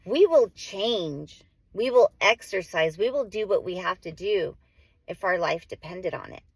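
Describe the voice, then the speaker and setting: A woman's voice: fairly low pitch, animated, unhurried, slightly rough, no room sound. A woman in her forties, a mother vlogging, talks to the camera in a heartfelt, rambling way, full of "like" and self-corrections and getting emotional. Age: 40s. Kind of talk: heartfelt casual talk to camera.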